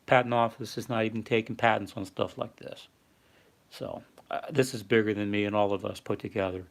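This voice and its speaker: A man's voice: lowish voice, steady tone, a little fast, vocal fry. An older man hosting a casual livestream, rambling and reading viewer chat aloud with lots of fillers. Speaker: livestream host. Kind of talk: casual live-stream talk.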